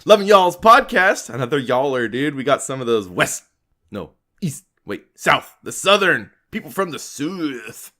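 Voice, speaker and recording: A man's voice: medium pitch, expressive, moderate pace, bright, forceful tone. A man co-hosting a casual podcast, joking around and tripping over names. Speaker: podcast co-host.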